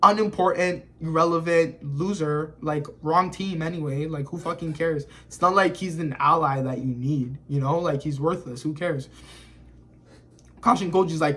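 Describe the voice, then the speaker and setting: A reviewer talking through a manga chapter casually, in slangy, excitable and profane speech. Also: medium pitch, moderate pace, slightly rough.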